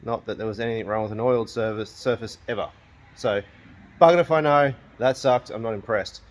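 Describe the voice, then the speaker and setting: A man's voice: lowish voice, a little fast. A man working on his truck in his shed and thinking aloud. He talks to the parts as he goes, wry and grumbling, and often pokes fun at himself. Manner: wry, grumbling, self-mocking. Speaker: home mechanic and channel host. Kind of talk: casual workshop vlog, thinking aloud. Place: home shed or garage.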